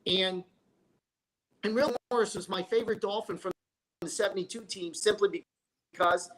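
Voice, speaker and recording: His voice sits high, a bit bright, with fairly even intonation and a moderate pace, heard on a rough recording. A sports broadcaster and former restaurateur, he chats casually as a talk show guest, rambling through stories and frequently restarting sentences.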